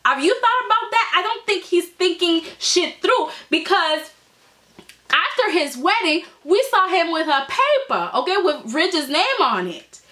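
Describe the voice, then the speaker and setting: Woman reviewer, casual and animated, high-pitched and profane. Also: unhurried. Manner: animated, profane, talks to viewers directly. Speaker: soap opera reviewer.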